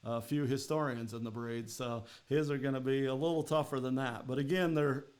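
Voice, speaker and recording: A man's voice: medium pitch, steady tone, moderate pace, a little mellow. A man from Minnesota hosting a podcast and quiz, chatting in a rambling, friendly way with frequent laughs. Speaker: podcast host and quiz master. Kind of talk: casual chat.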